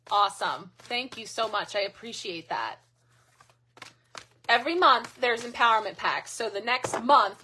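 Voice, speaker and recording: A woman's voice: fairly high pitch, sharp tone. A middle-aged woman hosting a live card reading, chatting casually and thanking viewers by name. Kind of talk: casual live-stream chat.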